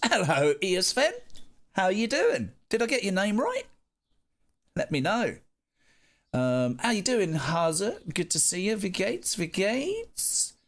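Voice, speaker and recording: Chatty man live-streaming. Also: high-pitched. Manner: chatty, greets viewers warmly, swears casually. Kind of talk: casual chat reading live chat.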